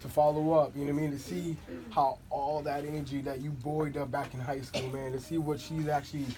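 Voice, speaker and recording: A man in his twenties gives a loose, joking birthday toast in a slightly high voice. He leans on "um" and "you know what I mean". A loud crowd surrounds him. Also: level tone, a little fast. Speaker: friend giving a birthday toast. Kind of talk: casual party speech.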